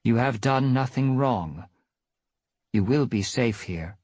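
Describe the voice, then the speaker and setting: A man voicing a stern she-cat clan leader in a measured, menacing way during a live reading of a cat novel. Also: medium pitch, lively intonation, a little mellow, dry recording, pitched above the performer's own voice. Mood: commanding.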